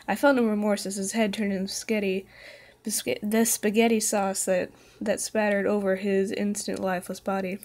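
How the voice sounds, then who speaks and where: A woman's voice: mid-range voice, darkish tone. A tired young woman reading fan fiction aloud on a casual livestream, often stumbling over words, correcting herself and joking with her chat.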